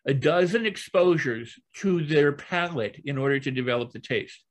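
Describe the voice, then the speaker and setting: An older man, a guest trainer and hypnotist, teaching through stories in a lively conversational way and repeating phrases as they build. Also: on the high side, moderate pace.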